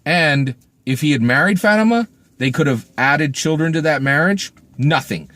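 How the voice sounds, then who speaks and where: A man's voice: fairly high pitch, moderate pace, dry recording. A man giving a casual spoken book review, emphatic, and he often asks "right?". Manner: emphatic, keeps asking "right?"; animated, acts out quoted speech.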